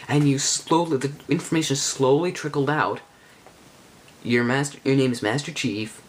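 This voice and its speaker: A man giving a casual spoken game review, rambling and halting with many restarts. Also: mid-range voice, expressive.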